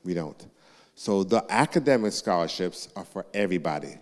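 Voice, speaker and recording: A man representing a university, answering audience questions live in a church, lively and joking, teasing the crowd. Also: deep voice, moderate pace. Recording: echoey church hall.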